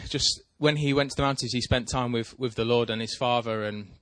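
A man's voice: mid-range voice, a little fast, no room sound. A man telling a rambling, self-deprecating story in casual chat with a co-host. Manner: rambling, self-deprecating, animated when excited.

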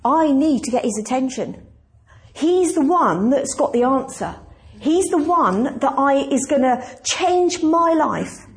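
A woman's voice: high voice, expressive, slow pace, exaggerated voice. A woman voicing a blind beggar man, determined and urgent, in a sermon retelling. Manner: urgent, pleading.

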